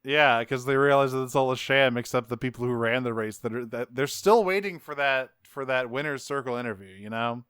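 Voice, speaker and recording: A man's voice: medium pitch, fairly quick, hardly any pauses, fairly bright tone, clean tone, no room sound, clean studio sound. A man co-hosting a podcast, recapping a cartoon in laid-back, joking chat with some swearing. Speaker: podcast co-host.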